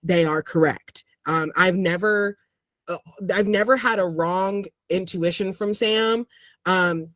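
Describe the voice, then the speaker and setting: A podcast co-host in casual chat, talking loosely with lots of fillers and frequent laughs. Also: male voice, high-pitched, slow, fairly bright tone, dry recording.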